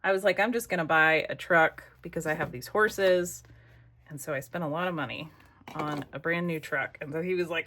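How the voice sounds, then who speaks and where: A woman's voice: low-pitched, normal speed, a bit bright. A middle-aged American woman telling a rambling story while crafting, with chatty asides to herself. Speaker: crafting vlogger.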